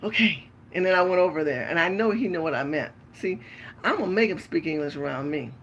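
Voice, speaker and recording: A woman's voice: on the low side, expressive, brisk, a bit bright, a little hiss or hum. A tired woman hosting a late-night livestream rant, talking bluntly with lots of profanity. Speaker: livestream host and pastor.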